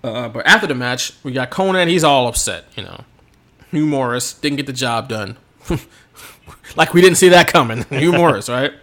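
A man's voice: mid-range voice, expressive, normal speed, sharp tone. A man co-hosting a podcast in casual, jokey chat, laughing often. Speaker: podcast co-host.

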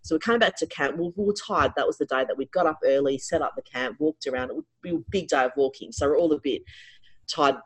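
Husky-voiced middle-aged woman telling a story. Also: low voice, quick pace, rough recording. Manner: animated and expressive, with frequent restarts. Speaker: interview guest, parent. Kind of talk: casual personal storytelling.

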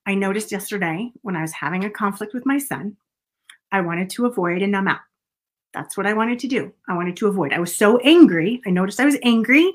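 A woman's voice: medium pitch, expressive, brisk. A middle-aged woman coaching viewers on emotional eating, talking earnestly and putting direct questions to her listeners. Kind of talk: motivational talk to viewers.

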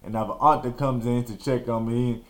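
A man hosting a podcast, telling a childhood story in a casual, animated way and acting out quotes and sound effects. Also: medium pitch, fairly quick. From Texas.

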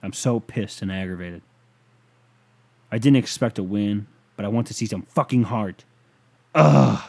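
A man in a mellow voice doing a dramatic reading of a furious football fan's profane rant. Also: lowish voice, measured pace, creaky, husky, heavily acted. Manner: ranting, profane. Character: furious bitter male football fan.

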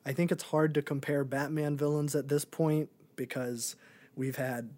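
A man's voice: fairly high pitch, level tone, normal speed, a little mellow. A young man and podcast co-host in a casual movie review chat, rambling with many ums and likes.

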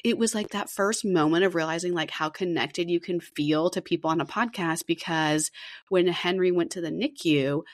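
A woman's voice: fairly low pitch, moderate pace. A woman in her thirties co-hosting a casual podcast over a video call, telling stories with lots of swearing and acting out what others said. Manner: animated storyteller, swears freely, acts out quotes. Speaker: podcast co-host. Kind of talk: casual chat.

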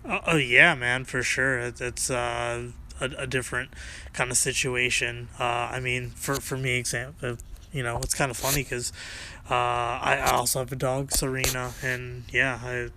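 Hesitant male podcast host, bright voice. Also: mid-range voice, level tone, slight background noise, poor audio. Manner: halting, many ums and uhs. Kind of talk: casual chat.

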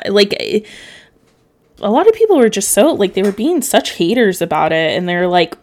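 A woman's voice: medium pitch, lively intonation, moderate pace, a little mellow. A young woman hosting a solo podcast, rambling and emotional, tearful at times, swearing casually and filling gaps with ums. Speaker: podcast host.

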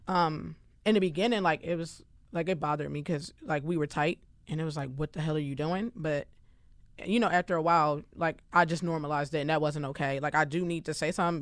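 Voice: mid-range voice, dry recording. A podcast co-host in casual chat who talks loosely and animatedly, using lots of slang and filler words.

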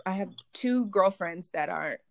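A woman hosting a podcast in casual chat, telling lively stories and laughing often. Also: on the low side, measured pace, vocal fry, no room sound. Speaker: podcast host.

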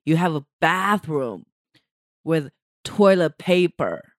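A woman's voice: deep voice, lively intonation, takes it slowly, no echo, studio quality. A woman comedian co-hosting a casual podcast chat, talking earnestly with frequent restarts. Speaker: stand-up comedian and co-host.

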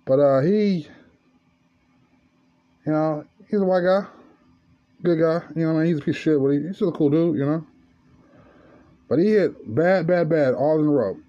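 A man's voice: fairly high pitch, normal speed, pauses often, dark tone, muffled recording. A man hosting a podcast, telling a story in a casual, profane monologue. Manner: profane, storytelling, rising to angry rant. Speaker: podcast host.

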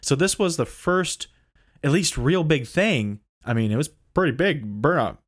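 A man's voice: on the high side, animated, measured pace. A man co-hosting a podcast, casually telling a story and laughing often. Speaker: podcast co-host. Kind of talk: casual chat.

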